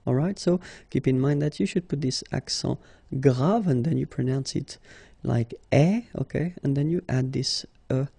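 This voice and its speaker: A man's voice: mid-range voice, vocal fry, warm tone, breathy edge, no room sound. A man with a French accent teaching a language lesson, patient and explanatory. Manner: patient and explanatory, slow and deliberate.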